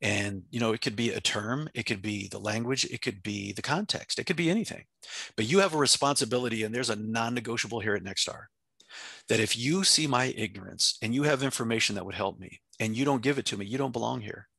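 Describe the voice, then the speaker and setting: A man speaks with passionate intensity, his gravelly, husky voice pushing forward at a quick clip. His tone is bright and forceful, and he leans hard on his points. The sound is dry and close. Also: mid-range voice, no echo. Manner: intense, emphatic, acts out his own quoted speech. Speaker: company president and CEO, guest. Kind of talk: passionate interview answer.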